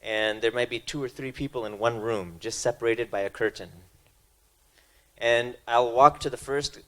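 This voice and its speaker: A man's voice: medium pitch, normal speed, bright, forceful tone. A man giving a spiritual lecture, speaking conversationally and telling stories, often restarting his phrases. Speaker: speaker at a religious talk.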